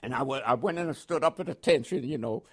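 A man's voice: medium pitch, quick pace. An older man from Panama with a New York accent tinged with West Indian inflections, recounting his army years in an oral history interview and laughing now and then. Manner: animated storyteller with laughs and quoted dialogue. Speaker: interviewee, veteran.

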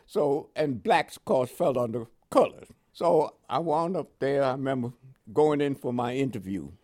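A man's voice: mid-range voice, normal speed. An older man from Panama with a New York accent touched with West Indian tones, telling his memories as a veteran in an oral history interview, laughing often and acting out dialogue. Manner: lively storyteller who laughs often and acts out dialogue.

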